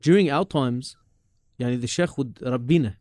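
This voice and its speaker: A man, telling stories from his student days in a casual, animated way, often repeating himself and dropping in Arabic religious terms. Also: mid-range voice, normal speed, dry recording. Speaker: podcast guest recalling his teachers. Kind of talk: casual storytelling chat.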